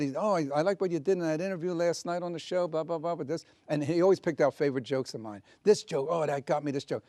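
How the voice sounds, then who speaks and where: An older man recalls his years in comedy with earnest warmth, acting out the voices of the people in his stories. His voice sits a little high, and the recording is dry and close with no room sound. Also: quick pace, few pauses, no room sound. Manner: earnest storyteller with quoted dialogue. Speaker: comedian guest. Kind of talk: interview reminiscence.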